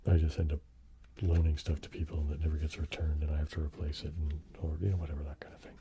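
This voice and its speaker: A soft-spoken ASMR man with an extremely deep voice and a very dark, mellow tone. He drifts in and out of whispers and reads lists slowly, rambling gently as he goes. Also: a little hiss or hum. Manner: relaxed, rambling, slowly reading track lists. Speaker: ASMR host.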